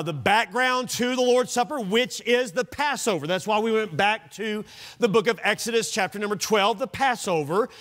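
A male pastor preaching an evening sermon in a church, animated and conversational, asking the congregation questions. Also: high-pitched. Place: church sanctuary.

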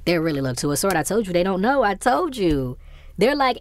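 A woman giving a casual tarot reading to her viewers, blunt and profane, growing animated and exasperated. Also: lowish voice, fairly quick, no room sound. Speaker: tarot reader.

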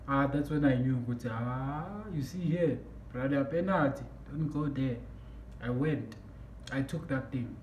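Guy ranting a story, gets loud a lot, faint noise behind, far from the mic. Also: mid-range voice, a little slow. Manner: excitable, bursts into shouting. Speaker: vlogger. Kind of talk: animated storytelling. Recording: echoey room, mic at a distance, faint background noise.

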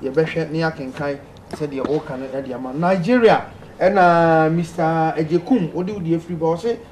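Male call-in host, upbeat, reads messages and laughs; higher voice, light noise behind. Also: normal speed. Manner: lively, laughing, pleading with callers to speak. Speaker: radio host reading listener messages. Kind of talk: call-in advice show.

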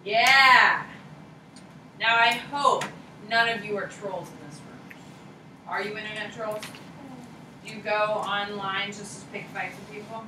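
A woman's voice: medium pitch, unhurried, long pauses, background noise. A woman in her thirties, a teacher giving a chatty classroom lecture and quizzing her students. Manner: lively, chatty, asks the class questions.

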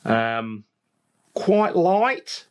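Faint music plays behind a slightly high, sing-song male voice that draws out its words. He's an Englishman with a Leicestershire accent, casually joking through a beer review outdoors in his home garden and repeating phrases a lot.

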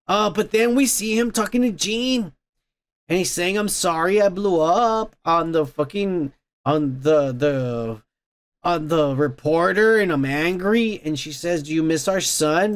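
Excitable high-voiced man recapping, swearing freely. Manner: excitable, swears heavily, rambling storytelling. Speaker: podcast host. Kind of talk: casual recap of a cartoon episode.

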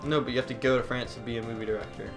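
A man's voice: medium pitch, fairly even intonation, racing. A man joking and swearing through casual banter while playing a video game with friends. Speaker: let's play commentator. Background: game music.

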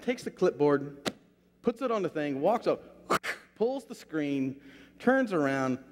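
A middle-aged male pastor telling a story in a sermon, with a folksy, anecdotal way of talking and bursts of stronger preaching emphasis. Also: high voice. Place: church sanctuary. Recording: long hall reverb of a church sanctuary.

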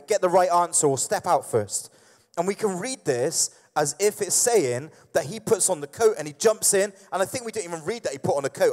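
A man preaching in a casual, conversational way, stumbling through fillers and restarts as he acts out the story. His voice sits a little high for a man. It carries a long reverb from the church hall. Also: a little mellow. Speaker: pastor. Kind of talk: sermon.

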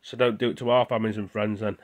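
A young British man vents in a casual vlog with his mouth full, rambling and indignant, restarting and repeating words. His lowish voice is level and he talks quickly.

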